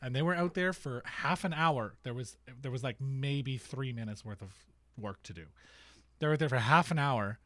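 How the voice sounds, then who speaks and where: A man in his thirties, a podcast co-host chatting casually about his kids, relaxed and wry, drifting into asides. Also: medium pitch, moderate pace, no echo. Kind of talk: casual chat.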